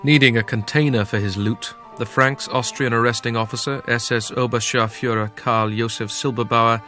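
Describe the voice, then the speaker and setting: A man narrating a documentary in a measured, grave scripted delivery. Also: medium pitch, steady tone, pushed and bright, faint music behind.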